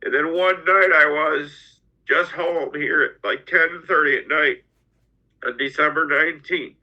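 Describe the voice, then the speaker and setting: A middle-aged man telling his own story as a podcast guest, halting and often repeating his words. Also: fairly high pitch, steady tone, bright, forceful tone. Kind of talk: personal storytelling. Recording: dull lo-fi audio.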